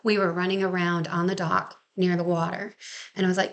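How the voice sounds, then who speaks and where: A woman's voice: fairly low pitch, flat delivery, normal speed, a bit bright. A woman dog trainer telling a story in a casual, chatty way, laughing now and then. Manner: chatty, laughs often, acts out quotes. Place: Maine.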